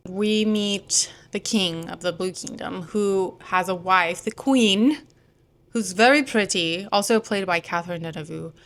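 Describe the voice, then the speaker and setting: Casting: young woman film vlogger, unhurried, chatty, rambling asides. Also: mid-range voice, a bit bright, slight background noise. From Houston, Texas. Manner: chatty, digressive, lots of "like" and asides. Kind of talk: casual chat about films.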